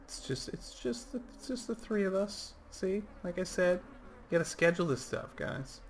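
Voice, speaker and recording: A man's voice: sits high, animated, moderate pace, a little hiss or hum. Rambling man streaming a game. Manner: rambling and chatty, reading out chat. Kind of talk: casual livestream gameplay commentary.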